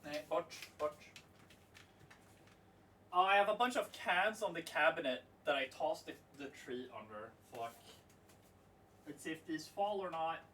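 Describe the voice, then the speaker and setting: Streamer, lively pitch. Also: moderate pace, a little hiss or hum. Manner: loose and profane, talks to chat and to a pet. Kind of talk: casual live-stream chat. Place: home room. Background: music.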